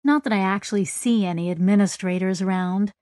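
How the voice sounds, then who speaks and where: A woman's voice: mid-range voice, fairly quick, darkish tone, no echo, clean studio sound, natural voice. Fussy young female clerk, nervous and precise, a woman acting it. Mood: fretful. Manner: fretful, precise.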